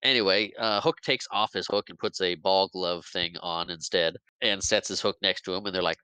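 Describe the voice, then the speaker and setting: A man's voice: low-pitched, normal speed, hardly any pauses, clear, resonant tone, no echo. A man hosting a podcast, casually retelling a movie plot, acting out characters' lines and laughing often. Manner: animated retelling, acts out quotes, laughs often. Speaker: podcast host. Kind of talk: casual movie recap chat.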